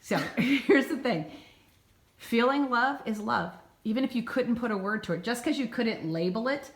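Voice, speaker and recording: A middle-aged woman, a mother, casually asking questions and gently coaxing answers, laughing often. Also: fairly high pitch, lively intonation, normal speed. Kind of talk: casual home-video Q&A. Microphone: phone camera. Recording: roomy phone recording in a room.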